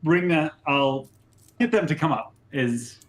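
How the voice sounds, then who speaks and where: A man's voice: fairly high pitch, lively intonation, measured pace, echoey room. A man playing a tabletop role-playing game in character, stammering and flustered, with lots of restarts. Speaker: player.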